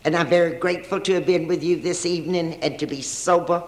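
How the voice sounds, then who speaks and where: A woman's voice: on the low side, steady tone, fast. An older woman with a drawl shares her personal story at a recovery meeting. Her humor is dry and self-mocking, and her voice rings around an echoey room.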